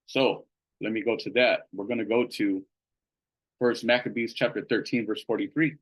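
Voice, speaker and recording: In a lowish, husky voice with a steady tone and normal speed, a man teaches a casual, conversational Bible study, reading passages aloud. He fills his talk with fillers and keeps checking in with "right?" The recording quality is low.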